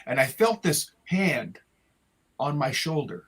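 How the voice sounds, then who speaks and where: An older man, a retired music teacher, telling stories from his past in a halting way with many restarts, speaking over a video call. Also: a little high, big pitch swings, fairly bright tone, husky, poor audio. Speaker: retired music educator, guest. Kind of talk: conversational storytelling.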